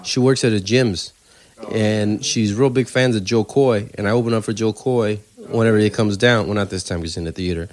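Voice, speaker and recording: A man, a stand-up comedian telling stories on a podcast in a casual, animated way, swearing freely. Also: fairly low pitch, brisk. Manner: animated storyteller, swears freely, acts out quoted voices.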